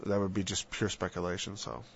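A man giving an informal sermon in an animated way. He mocks imagined sinners in exaggerated voices and sometimes drops to a whisper. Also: low voice, brisk, slight background noise. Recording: dull lo-fi dry recording.

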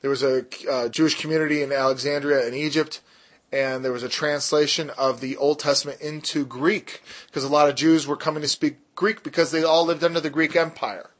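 A man teaching a casual Bible study, explaining in emphatic bursts and slowing down to stress key words, with jokey asides. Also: on the high side. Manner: jokey, self-deprecating asides.

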